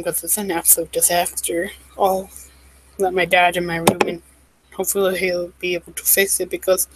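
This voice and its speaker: A woman vlogging in a casual, rambling way, with lots of "like" and "um", quick asides and apologies. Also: lowish voice, heavy background noise.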